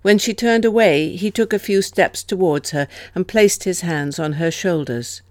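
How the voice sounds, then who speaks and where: A woman narrating an audiobook in a measured, expressive manner. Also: on the low side, dry recording, studio quality. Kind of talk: scripted narration.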